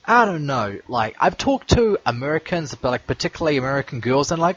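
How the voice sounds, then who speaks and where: A man's voice: medium pitch, expressive, fairly quick, few pauses, a bit bright, slightly rough. A man with a New Zealand accent, co-hosting a podcast in casual chat full of crude banter. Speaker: podcast co-host. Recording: dull lo-fi recording.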